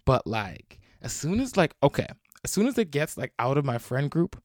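A man's voice: medium pitch, very animated, normal speed, dry recording. Young man, solo podcast chat, rambling and crude, dry recording. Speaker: podcast host.

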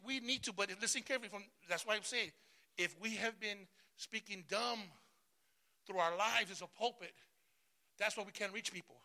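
A man pastor preaching a sermon, calling out to the congregation for responses and swinging between loud bursts and soft asides. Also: high-pitched, creaky. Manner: emphatic call-and-response preaching.

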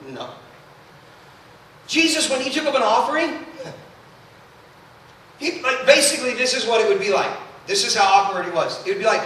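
A man preaching a storytelling sermon as a traveling youth preacher, animated and acting out the voices he quotes. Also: extremely high pitch, a little hiss or hum. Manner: animated, acts out quoted voices, quick asides. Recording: echoey hall, mic at a distance.

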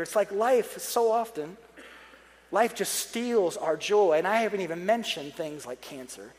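A young adult pastor preaches a sermon in a chatty way with joking asides, turning earnest and pleading during his prayers. His voice is high and his pace normal. The recording carries a long hall reverb.

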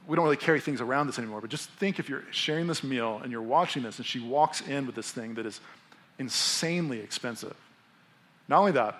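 A young adult man, a pastor preaching a sermon in a casual, conversational way, acting out the people in his story. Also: medium pitch. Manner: animated, conversational, acts out characters.

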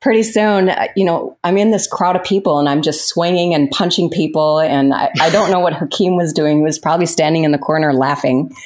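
A woman's voice: low voice, a little fast, hardly any pauses. A woman in an interview, telling stories with lots of laughter and acting out what people said. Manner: animated storyteller, laughs often, acts out quotes. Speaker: interview guest, actress. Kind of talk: casual storytelling in an interview.

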